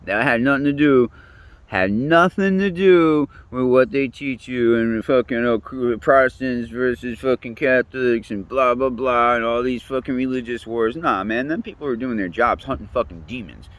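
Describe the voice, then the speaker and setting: A man's voice: mid-range voice, moderate pace, a bit bright, no echo. A man rambling in a casual monologue, swearing constantly, chuckling mid-sentence and restarting his words.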